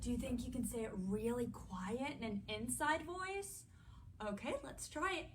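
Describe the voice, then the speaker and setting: A young adult woman hosting a children's story time, animated and playful as she talks to the kids. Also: fairly high pitch, normal speed, slight background noise.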